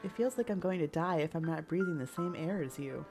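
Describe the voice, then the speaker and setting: A woman voicing an obsessive, lovestruck young woman in a visual novel, speaking low and unsettlingly calm. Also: brisk, music in the background. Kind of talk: reading game dialogue aloud.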